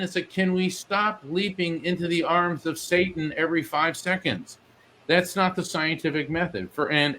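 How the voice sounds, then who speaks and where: A man as a guest psychic medium, telling a story in an animated way and acting out the voices he quotes. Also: mid-range voice, slight background noise. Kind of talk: storytelling in an interview.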